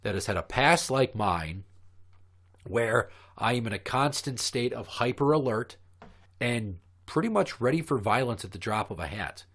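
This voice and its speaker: A man's voice: medium pitch, expressive, normal speed, fairly bright tone. A man co-hosting a podcast, talking bluntly and profanely in casual chat and getting heated as he tells stories. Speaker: podcast co-host.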